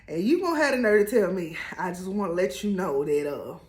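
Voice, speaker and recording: A woman telling a story in a casual, animated way, laughing and acting out quotes. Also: lowish voice, brisk, reverberant. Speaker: co-host telling their couple story.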